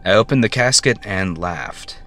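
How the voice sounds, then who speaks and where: A man telling a first-person story, narrating in a halting way with stammered self-corrections. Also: on the low side, lively intonation, a bit bright, faint music behind.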